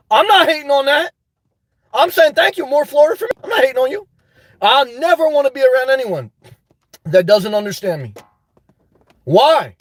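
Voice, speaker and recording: A man hosting a live stream, ranting emphatically about his life and shouting out his supporters, worked up and sweating. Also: very high voice, dry recording. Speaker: livestream host.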